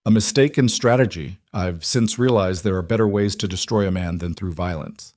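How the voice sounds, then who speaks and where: A man reading the part of a cultured male crime boss with a faint Russian accent, smooth and persuasive. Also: deep voice, moderate pace, darkish tone, dry recording, studio quality, close to an everyday voice. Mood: smooth menace.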